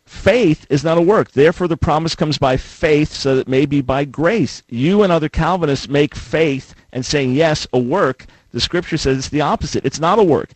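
A man's voice: a little high, moderate pace, few pauses, no room sound, rough recording. A middle-aged man hosting a call-in radio show, arguing emphatically, quoting scripture and repeating phrases for stress. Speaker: radio host. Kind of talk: call-in talk radio debate. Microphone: studio microphone.

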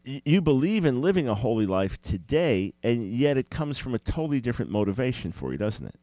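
A man with a mid-range voice hosts a Christian talk show, speaking fairly quickly as he asks questions and jokes with playful exaggeration. He's animated and mock-chants at times. The recording is muffled, with no room sound.

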